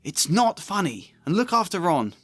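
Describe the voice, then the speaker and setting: A man doing a fussing exasperated mum, pitched up. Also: very animated, moderate pace, a bit bright, no echo, faint music behind, full character voice. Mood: scolding. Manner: scolding.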